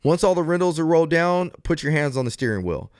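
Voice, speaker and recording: A man's voice: a little high, very animated, fast, smooth, no room sound, clean studio sound. A man, a police officer hosting a podcast on his own, explaining step by step in an earnest manner with frequent restarts and fillers. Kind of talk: solo podcast advice talk.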